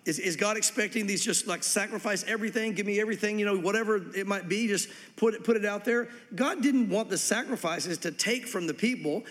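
A man's voice: high voice, a little fast, few pauses, fairly bright tone, in a large hall. A man preaching a sermon as pastor, reading scripture and acting out quoted voices with animation.

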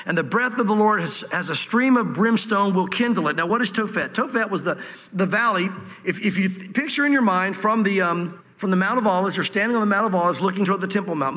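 Bright high Southern preacher in a hall. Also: male voice. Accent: Southern American. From Southwest Virginia, US. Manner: reads scripture aloud then explains it, with folksy asides. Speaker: pastor. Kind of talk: verse-by-verse sermon. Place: church room with audience.

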